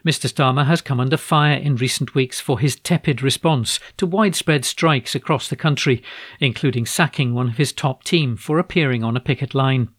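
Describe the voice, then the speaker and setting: A man with a Scottish accent reads newspaper articles aloud at a steady, measured pace. His voice sits at an ordinary middle pitch. The recording is dry and close, with no room sound. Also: dry recording. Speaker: volunteer newspaper reader.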